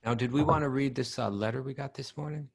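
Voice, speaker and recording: A man co-hosting a casual podcast chat, relaxed and thinking aloud as he talks. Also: mid-range voice, fast, creaky. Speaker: podcast co-host.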